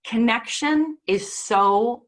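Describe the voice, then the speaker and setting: A woman's voice: a little high, takes it slowly. A middle-aged woman giving a casual talk on parenting. She chats freely, uses lots of fillers and acts out little quoted lines. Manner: chatty, warm-hearted, lots of fillers and voiced quotes. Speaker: parenting speaker presenting a talk. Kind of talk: casual presentation.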